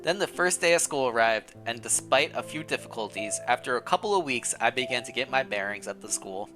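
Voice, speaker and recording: A man streams a story game, reading its text aloud and breaking off to joke and laugh. His voice is bright and his pitch jumps around a lot. Soft game music plays underneath. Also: expressive, brisk. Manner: playful, laughs often, comments between read lines.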